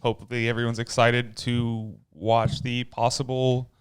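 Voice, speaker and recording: A man co-hosting a casual sports podcast, relaxed and thoughtful as he gives his views. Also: mid-range voice, normal speed, clear, resonant tone. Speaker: podcast co-host.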